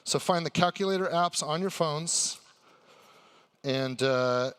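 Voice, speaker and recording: Bright-voiced excitable male stage host. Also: fairly high pitch, slow pace, pauses often, clean tone, big-room sound. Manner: excitable, hype-building, bursts into shouts. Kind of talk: live stage hosting for a crowd. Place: convention stage before a live audience.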